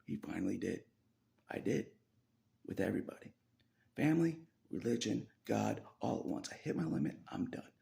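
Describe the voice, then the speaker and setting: A man in a rambling personal monologue, profane and repetitive, often dropping into a gravelly half-whisper and laughing between lines. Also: on the low side, very animated, normal speed, warm tone.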